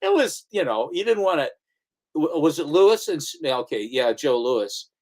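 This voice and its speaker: A man's voice: on the high side, very animated, moderate pace. Rambling male comic shop host. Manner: rambling storyteller, restarts, slips into comic voices. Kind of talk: casual chat.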